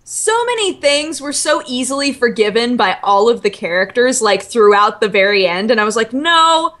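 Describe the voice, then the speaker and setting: A woman co-hosting a casual manga podcast over a call, animated and laughing as she acts out her reactions. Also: on the high side, moderate pace. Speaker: podcast co-host.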